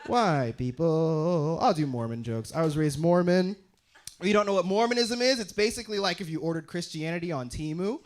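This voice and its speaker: A young man from Utah performing a stand-up comedy set, animated, leaping into loud high character voices and dropping to low asides. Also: a little fast, slight background noise.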